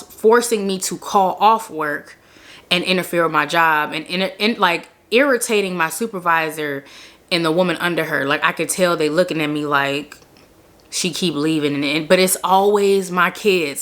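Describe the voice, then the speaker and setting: A woman's voice: on the low side, sharp tone. A young woman telling her personal faith testimony in a casual, earnest way, full of "like" fillers. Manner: chatty, many "like" fillers, earnest. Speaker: vlogger sharing a faith testimony.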